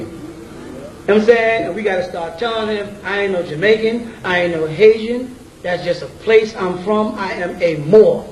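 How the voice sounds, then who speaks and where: A man's high-pitched, somewhat bright voice carries through an echoey room as he gives a group a casual, blunt informal lecture. He keeps asking questions like "you know what I'm saying?". The microphone is far away and there's faint ambient noise.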